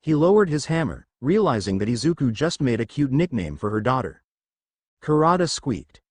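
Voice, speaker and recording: The narrator is a man telling a fan fiction story in a straightforward way, his intonation varied and lively. The recording is close-miked and dry without room sound, and his mid-range voice runs at normal speed.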